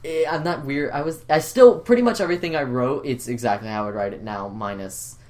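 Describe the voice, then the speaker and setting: A man's voice: medium pitch, a little fast, a little mellow. A man co-hosting a casual podcast, earnest and apologetic, often stammering and restarting his sentences. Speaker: podcast co-host.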